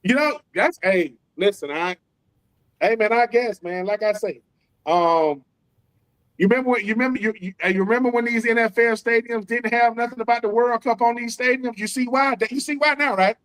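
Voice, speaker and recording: High-voiced animated male sports co-host. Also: a little fast, rough recording. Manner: animated, slangy, acts out quoted people. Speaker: co-host, former football player. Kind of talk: casual sports podcast chat. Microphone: streamed remote call.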